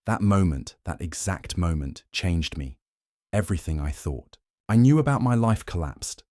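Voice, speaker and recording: A young man narrating his own dramatic story in the first person, brooding and measured, with a vengeful edge. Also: deep voice, lively intonation, mellow, no echo, studio quality.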